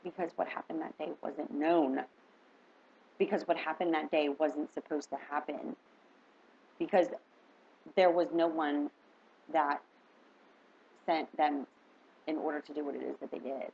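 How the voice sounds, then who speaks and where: A woman vlogger who does spiritual readings tells a personal story in casual, emotional, rambling speech packed with "like." Her voice is low, gravelly and darkish, with fairly even intonation, an unhurried pace and frequent pauses. The recording is dull and lo-fi, with faint background noise.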